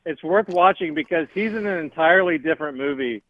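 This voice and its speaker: A man calling in to a live show, recapping in a deadpan, halting way with many fillers. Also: fairly high pitch, dry recording, highs cut off. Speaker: caller. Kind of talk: casual call-in recap.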